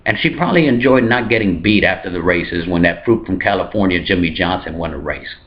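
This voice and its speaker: Deadpan man hosting a satirical news rundown. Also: a little fast, lo-fi sound. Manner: deadpan jokes broken by sudden high mock voices. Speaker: comedy news show host. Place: hotel room.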